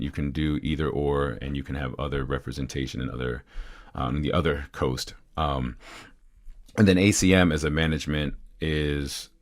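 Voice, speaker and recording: A male voice actor chats as a podcast guest in an extremely low, rumbling voice. He is casual and self-deprecating, and his sentences wander with plenty of fillers.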